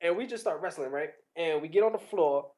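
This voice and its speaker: A man telling a childhood story in casual chat, animated and laughing often. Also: on the high side, fairly quick.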